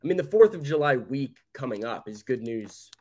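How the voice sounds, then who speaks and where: This is a man with a mid-range voice, chatting in a relaxed, everyday way as co-host of a morning sports show. He talks plainly and sometimes trails off or hesitates before picking up again. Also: medium pitch, moderate pace. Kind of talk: casual sports radio chat.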